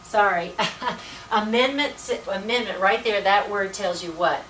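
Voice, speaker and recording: A woman's voice: mid-range voice, measured pace, a bit bright. Emphatic folksy woman in echoey room. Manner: emphatic, folksy, repetitive "let me tell you". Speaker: volunteer speaker at a political meeting. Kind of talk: informal political presentation. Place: meeting room. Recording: echoey room, distant mic, faint hiss.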